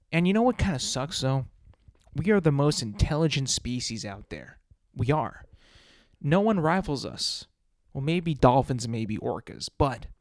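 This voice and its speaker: This podcast host delivers a loose, comic monologue full of false starts and rhetorical questions. He speaks in a mid-range voice, captured in studio quality with no room sound.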